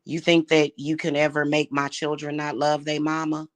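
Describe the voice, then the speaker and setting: A woman's voice: deep voice, monotone, normal speed. A woman delivering an angry, profane, confrontational monologue to the camera, mocking and scolding someone. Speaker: vlogger.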